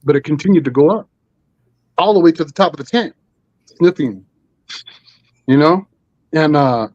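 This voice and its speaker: A man's voice: fairly high pitch, expressive, moderate pace, a little mellow, no room sound, dull audio. A man telling a story as a guest on a live stream, rambling with many fillers and restarts. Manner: rambling, full of 'you know' and restarts.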